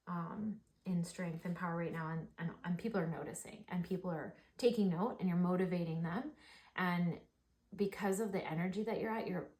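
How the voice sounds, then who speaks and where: A woman reads oracle cards in an excited, gushing rush, filling her talk with "like". Her voice sits a little low. The sound is roomy and echoey. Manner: excited, gushing, heavy use of "like". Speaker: oracle card reader. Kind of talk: spiritual card reading. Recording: echoey room.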